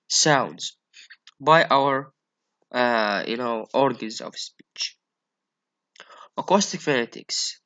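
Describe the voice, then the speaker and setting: Slow, hesitant male phonetics lecturer. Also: mid-range voice, a bit bright. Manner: slow, hesitant, many fillers and repeated okays. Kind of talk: classroom lecture.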